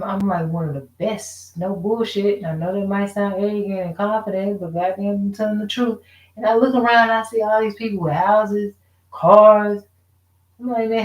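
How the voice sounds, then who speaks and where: A woman vents in a loose, rambling monologue, swearing freely and firing off frustrated rhetorical questions. Her voice sits at a middle pitch and bounces around a reverberant room. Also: a little mellow. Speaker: vlogger. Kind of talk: casual rant to camera. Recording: echoey room.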